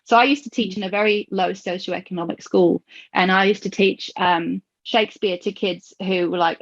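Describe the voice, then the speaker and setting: A woman hosting a podcast, telling stories with lively acted-out quotes and frequent laughter. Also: mid-range voice, normal speed. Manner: animated storyteller who acts out quoted voices and laughs often. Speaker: podcast host. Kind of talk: conversational podcast discussion. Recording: dull lo-fi audio.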